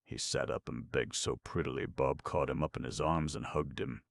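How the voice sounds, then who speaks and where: A man narrating a classic storybook in a steady, measured way. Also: rumbling low, vocal fry, dry recording, clean studio sound. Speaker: audiobook narrator. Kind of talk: scripted narration.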